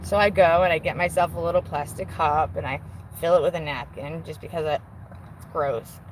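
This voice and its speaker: A woman's voice: sits low, fairly even intonation, brisk, a little hiss or hum, poor audio. A woman in her forties chatting casually on a live stream from a car, candid and self-mocking, swearing freely. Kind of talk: casual rambling chat. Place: inside a car with the window open. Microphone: handheld phone.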